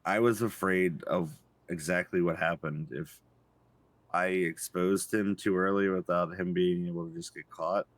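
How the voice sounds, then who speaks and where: A man playing a calm therapist in a roleplay, speaking gently and hesitantly with frequent restarts. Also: low-pitched, measured pace, no echo. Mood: earnest, halting. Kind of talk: GTA roleplay stream acting.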